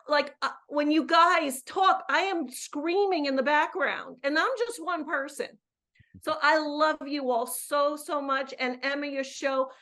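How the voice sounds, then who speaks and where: A woman in her fifties calls in to a live show as a coach, her high voice fairly bright. She chats effusively and emphatically, often repeating words as she talks.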